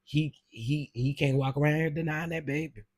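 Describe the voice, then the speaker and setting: A man's voice: fairly high pitch, fairly even intonation, moderate pace, darkish tone. A man hosting a casual livestream, gossiping animatedly and exclaiming straight to his viewers. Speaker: livestream host.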